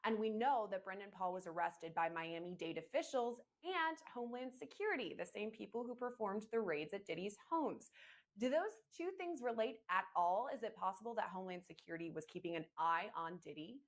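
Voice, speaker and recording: News lady asking questions, formal and quick, mid voice. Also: medium pitch, lively intonation. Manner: brisk, formal. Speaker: news interviewer.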